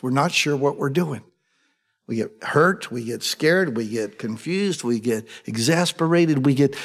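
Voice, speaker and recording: A middle-aged man preaching a sermon, animated and humorous, mixing scripture with personal stories. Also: medium pitch. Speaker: pastor. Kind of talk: sermon with storytelling.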